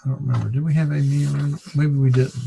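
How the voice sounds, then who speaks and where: Halting man teaching a Greek class. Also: mid-range voice, flat delivery, vocal fry, background noise. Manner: halting, many fillers and self-corrections. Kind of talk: classroom lecture.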